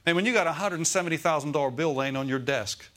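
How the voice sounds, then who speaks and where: A man's voice: fairly high pitch, quick pace, fairly bright tone. Man preaching a Sunday sermon. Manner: preaching with call-outs of "Amen?" and "Okay?". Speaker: pastor.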